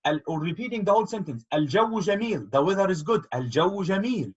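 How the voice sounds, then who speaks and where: Man teaching a grammar class over a video call, husky, dull lo-fi audio. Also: high-pitched, expressive, rapid-fire. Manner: patient, explains with repeated examples. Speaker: Arabic teacher. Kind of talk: online grammar lesson.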